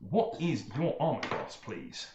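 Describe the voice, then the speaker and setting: A man narrating as game master, playful and animated, jumping up in pitch for emphasis. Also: measured pace. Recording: echoey room mic with faint noise.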